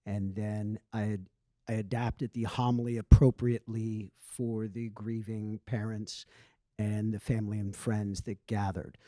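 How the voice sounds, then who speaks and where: Mellow-voiced priest speaking measuredly. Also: male voice, lowish voice, level tone, no echo, studio quality. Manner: measured, formal, with hesitant uhs.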